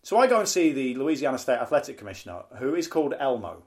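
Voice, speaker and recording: A man's voice: mid-range voice, sing-song, fast, a little mellow. Man telling wrestling anecdotes. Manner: chatty anecdotes, acts out quoted voices, frequent "um". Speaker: podcast host, wrestling promoter and announcer. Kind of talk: casual podcast storytelling.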